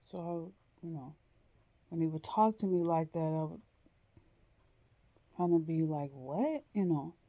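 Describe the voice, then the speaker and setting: A woman telling a personal story in a slow, hesitant way, with frequent pauses and ums. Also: low voice, narrow, tinny audio. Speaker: vlogger.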